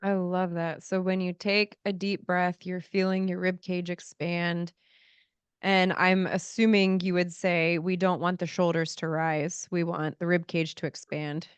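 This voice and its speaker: A woman hosting a podcast, her voice smooth and clean, keeps things encouraging with frequent small agreements and follow-up questions. She sounds close to the mic in a dry space. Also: on the low side, little pitch movement, unhurried, no echo. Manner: encouraging, backchannels often with "mm-hmm" and "yes". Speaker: podcast host. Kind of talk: interview podcast.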